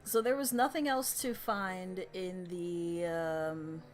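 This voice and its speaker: A woman's voice: fairly low pitch, steady tone, takes it slowly, soft background music. A woman playing in a tabletop game, chatting playfully and giggling. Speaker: player. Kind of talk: casual tabletop game chat.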